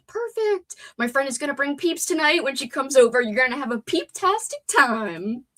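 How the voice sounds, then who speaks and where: A woman's voice: high voice, big pitch swings, normal speed, a bit bright. A young adult woman with a stuffed-up nose, hosting a chatty, wordy livestream and reading out chat comments. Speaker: livestream host.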